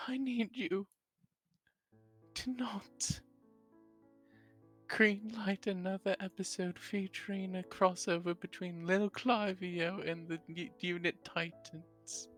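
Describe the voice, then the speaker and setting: A man voicing a mother who is faking a deathbed scene, using a breathy, melodramatic falsetto. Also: fairly even intonation, slow pace, fairly bright tone, soft background music.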